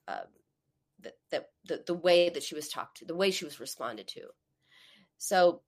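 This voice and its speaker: A woman hosting a podcast, a parent who gives advice in a conversational way and tells stories with lively quoted voices. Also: mid-range voice. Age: adult, a parent. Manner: animated storytelling, acts out quoted voices. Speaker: podcast host.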